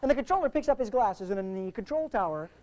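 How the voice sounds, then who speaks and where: Animated man telling a flying story. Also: high voice, fast. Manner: animated, does sound effects and voices. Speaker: aviation speaker. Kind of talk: humorous storytelling talk. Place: stage before a live audience. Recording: faint crowd and noise.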